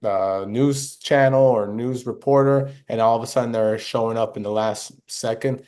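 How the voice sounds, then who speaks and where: A man co-hosting a casual podcast as a fan group leader, speaking frankly in halting phrases full of fillers. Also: mid-range voice, fairly even intonation, a little mellow, clear, resonant tone.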